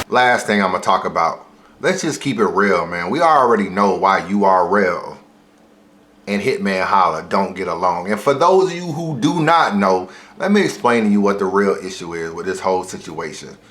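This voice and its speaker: A man's voice: on the low side, lively intonation, normal speed, a bit bright. A man giving casual vlog commentary on battle rap, speaking in a slangy, emphatic way.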